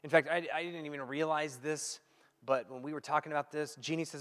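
Animated preacher in a reverberant hall. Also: male voice, a little high, fairly quick, soft background music. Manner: animated, acts out quoted dialogue; swings from loud to hushed. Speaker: pastor. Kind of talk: sermon.

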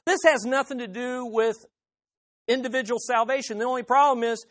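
A woman's voice: on the high side, brisk, dry recording. A woman preaching a sermon, putting rhetorical questions to the audience with emphasis.

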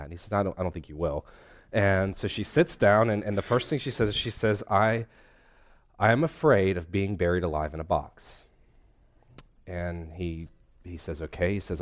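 A man delivers a sermon in a loose, conversational way, often asking his listeners questions. His voice sits on the low side. He talks like a pastor chatting with the room rather than reading a text. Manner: conversational, asks the room questions, retells a comedy scene. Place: church hall with a congregation.

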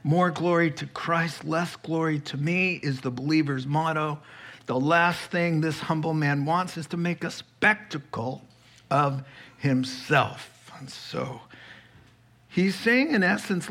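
A male preacher with a slightly high voice, delivering a sermon at a slow, deliberate pace. He acts out scripture scenes in dialogue and jumps into sudden raised, emphatic lines. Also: gravelly. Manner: animated, acts out biblical figures in dialogue.

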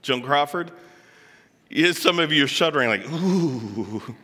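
Bright-voiced man talking in a reverberant hall. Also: on the high side, moderate pace. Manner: chatty, joking asides, puts on voices for quotes. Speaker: speaker addressing an audience. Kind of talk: lively talk to a live audience.

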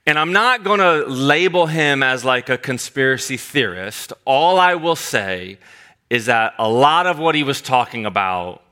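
A man preaching a sermon, telling a humorous personal story with animated delivery. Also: medium pitch, a little slow, smooth. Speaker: pastor.

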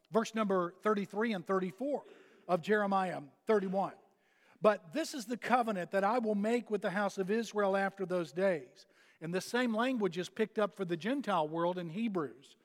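A man preaching a sermon in a high voice, pressing his points with repeated phrases and pauses. His words ring out with a long reverb, as in a large hall. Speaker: pastor.

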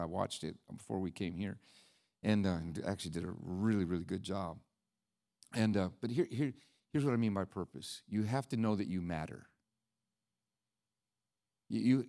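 A middle-aged man preaching a sermon as pastor, swinging between loud emphatic peaks and quiet asides. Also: low-pitched.

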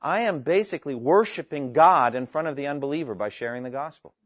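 A man's voice: fairly high pitch, animated, fast, a bit bright, no room sound, muffled recording. A man teaching the Bible to a live class, earnest and emphatic as he reads scripture aloud, explains it and takes questions.

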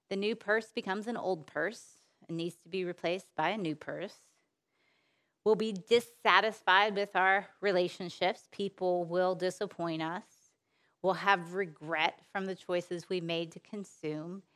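A woman giving a sermon-style Bible talk in an earnest way, repeating phrases for emphasis, asking rhetorical questions and letting her sentences trail off softly. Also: mid-range voice. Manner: unhurried, with soft trailing phrase endings. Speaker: speaker at a women's Bible teaching session.

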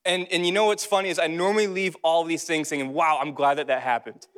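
High-voiced young man preaching casually. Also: fairly even intonation, fast, a bit bright. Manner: casual and conversational, rising in pitch when preaching. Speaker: young adult ministry leader. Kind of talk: sermon.

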